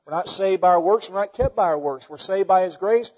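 A man preaching a sermon, telling stories and swinging between loud emphatic peaks and quiet asides. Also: high-pitched, a little fast, big-room sound, dull audio.

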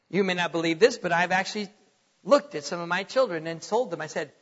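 High-voiced emphatic man preaching. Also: animated, fairly quick. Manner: emphatic, dramatic swings in volume and pace. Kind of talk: sermon. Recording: dull lo-fi sound with long hall reverb.

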